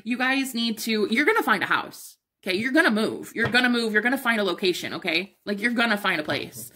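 A young woman giving a casual pick-a-card tarot reading, emphatic and encouraging, with casual swearing and excited exclamations. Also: fairly high pitch, brisk. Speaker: tarot reader.

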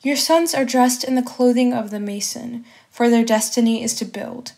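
A wise old teacher, read by a woman, speaks in slow, solemn, measured lines. The voice sits fairly high. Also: warm tone, lightly acted.

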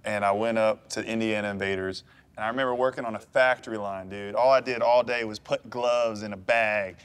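A man's voice: fairly low pitch, fairly even intonation, brisk, clear, resonant tone. Teasing, slangy man co-host. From United States. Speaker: co-host, former player. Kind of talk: casual banter.

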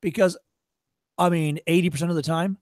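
Male workshop presenter, high voice, dry sound; blunt, profane, tough-love delivery. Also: fairly even intonation, a little mellow, no room sound. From Chicago area. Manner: acts out shopkeepers in quick voices. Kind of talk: workshop lecture.

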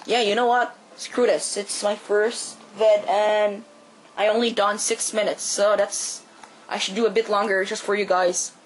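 A man from Quebec with a Quebec French accent, a native French speaker, giving casual gameplay commentary and bursting into high yelps and swearing. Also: flat delivery, unhurried, slight background noise, rough recording. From Quebec, Canada.

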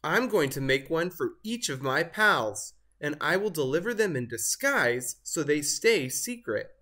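A man's voice: a little high, big pitch swings, unhurried, pushed and bright, full character voice. A man voicing a playful, cheerful male turkey in a read-aloud storybook, talking with glee and delight. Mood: gleeful. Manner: gleeful, delighted. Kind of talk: storybook character voice.

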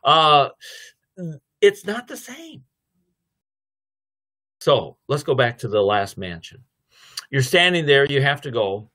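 A middle-aged man giving a devotional lecture, telling a story and acting out both sides of a conversation. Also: mid-range voice. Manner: lively storytelling, acting out dialogue. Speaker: theology lecturer.

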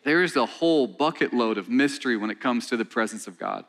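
A man's voice: mid-range voice, animated, fairly quick, vocal fry. A man preaches in a church, talking to the congregation like he's chatting with them. He restarts phrases and fires off questions to keep the room with him. His voice rises and falls a lot and his pace keeps changing. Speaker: pastor. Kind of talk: sermon. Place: church sanctuary.

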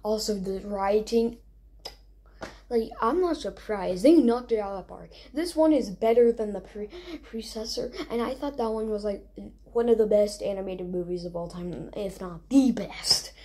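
A young woman hosting a casual countdown, excitable and rambling, recorded at home late at night. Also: medium pitch, moderate pace. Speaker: video host. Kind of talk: casual awards-style countdown.

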